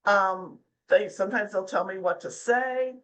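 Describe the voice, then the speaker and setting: A middle-aged woman appears as a podcast guest in a casual interview chat, telling stories and often slipping into the voices of the people she quotes. Her voice is medium-pitched and a little slow, and the audio is poor.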